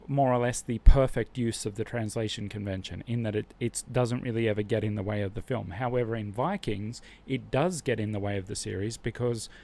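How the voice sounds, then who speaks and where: A man's voice: mid-range voice, darkish tone. A man hosting a live stream, talking casually and with strong opinions, rambling and restarting his sentences often.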